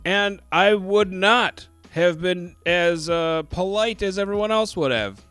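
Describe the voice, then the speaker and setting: Bright, animated storytelling man. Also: high voice, slow pace, clean tone, no room sound, soft background music. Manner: profane, animated storytelling with mocking impressions. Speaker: podcast co-host. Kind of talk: casual trash-talk chat.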